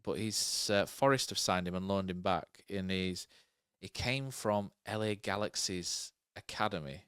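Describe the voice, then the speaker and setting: A man's voice: deep voice, unhurried, a bit bright, clean tone, no room sound, studio quality. A man co-hosting a podcast, chatting casually about football and thinking aloud with many fillers and tag questions. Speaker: podcast co-host.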